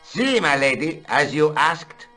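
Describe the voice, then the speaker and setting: A suspicious, loyal Spanish servant in a video game. He speaks curtly and slowly in a bright, slightly high voice that rises and falls a lot, with faint music behind. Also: sing-song, exaggerated voice. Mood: wary. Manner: curt and wary.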